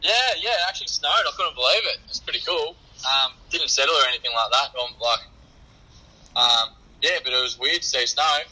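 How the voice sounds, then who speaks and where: A man's voice: mid-range voice, brisk, bright, forceful tone, low-quality recording. A man, a phone-in guest, telling a rambling joke full of fillers in casual chat. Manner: rambling storyteller, many fillers.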